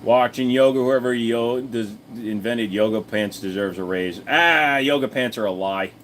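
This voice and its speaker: This livestream host has a mid-range, slightly bright voice and a moderate pace, with slight background noise. He answers chat in a rambling, blunt, profane manner full of fillers, chatting directly to his viewers.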